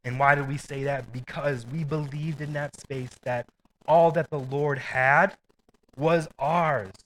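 A man's voice: mid-range voice, fairly even intonation, unhurried, rough recording. A man preaching a sermon in a casual, conversational way, with asides and light laughter. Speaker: pastor.

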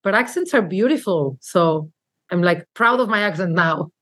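A woman's voice: lowish voice, animated, moderate pace, a bit bright. A woman from Mexico with a Mexican Spanish accent, talking earnestly and reflectively as an interview guest, with frequent fillers and restarts. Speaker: marketing executive guest. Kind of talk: candid interview conversation.

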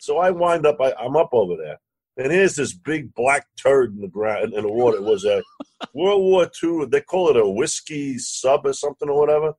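A man, a real estate lender and podcast guest, telling a lively anecdote and acting out the other voices. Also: medium pitch, moderate pace, husky. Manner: animated anecdote teller, acts out quoted dialogue, curses casually. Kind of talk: storytelling in a podcast interview.

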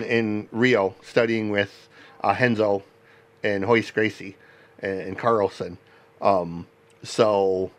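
A man hosting a podcast, talking in a rambling, halting way with many restarts and frequent laughter. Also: on the low side, fairly bright tone. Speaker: podcast host. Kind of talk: casual interview chat.

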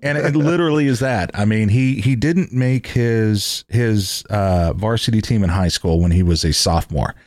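A man's voice: on the low side, normal speed, few pauses, darkish tone, no room sound, studio quality. A man hosting a casual podcast chat, rambling and correcting himself as he talks. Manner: rambling, restarts and self-corrections.

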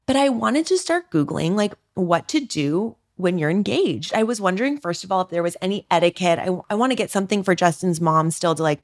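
A woman podcast host in her thirties tells a personal story in a casual monologue. Her voice sits a little low, and her delivery is chatty and animated. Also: a little fast, hardly any pauses. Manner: chatty and animated, laughing asides.

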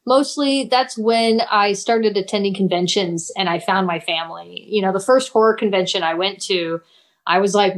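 A woman's voice: medium pitch, steady tone, normal speed. A woman artist and teacher, a guest in an interview, talking thoughtfully with frequent laughs. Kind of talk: casual interview chat.

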